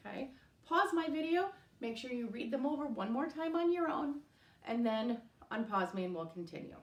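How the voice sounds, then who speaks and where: A woman's voice: on the high side, big pitch swings, moderate pace, distant mic. A woman teaching a recorded spelling lesson at home, patiently sounding out words letter by letter. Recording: echoey room, voice off-mic.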